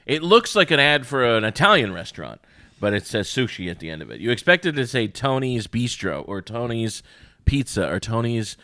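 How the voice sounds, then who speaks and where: A man's voice: medium pitch, normal speed, no room sound, studio quality. A man hosting a podcast, chatting casually and rambling through stories between guests. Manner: rambling, animated storytelling with voices. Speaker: podcast host. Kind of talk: casual chat.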